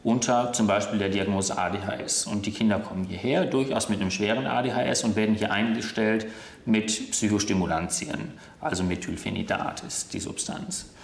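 A man with a lowish voice explains patient cases as a doctor, calm and anecdotal. The room is roomy and echoes around him. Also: brisk, vocal fry. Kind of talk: interview.

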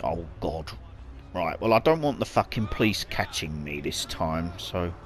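A man's voice: low-pitched, lively intonation, measured pace. A man giving frantic let's play commentary, swearing a lot and apologizing over and over. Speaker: gamer. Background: game music and car noise.

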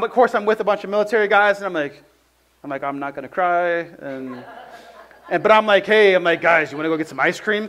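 A man preaching a sermon in a casual, conversational way, telling a personal story and often saying "like". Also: extremely high pitch. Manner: conversational, heavy use of "like", animated storytelling.

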